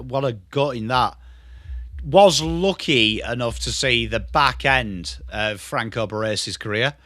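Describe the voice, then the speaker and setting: A man's voice: mid-range voice, sharp tone, no room sound, clean studio sound. An English man in his thirties, host of a casual live stream, chatting loosely and swearing as he answers viewers. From England. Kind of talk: casual live watchalong chat.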